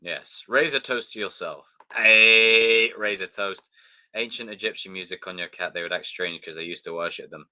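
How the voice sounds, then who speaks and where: A man chatting casually on a live stream, excitable and swearing freely as he talks to his chat. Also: low voice, fairly quick.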